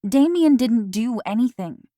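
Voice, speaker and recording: Woman reading a teen heroine, slightly raised pitch, insistent, dry audiobook. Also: animated, normal speed, darkish tone, dry recording, natural voice. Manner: insistent, emphatic. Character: teenage girl narrator-heroine, defensive. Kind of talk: audiobook dialogue.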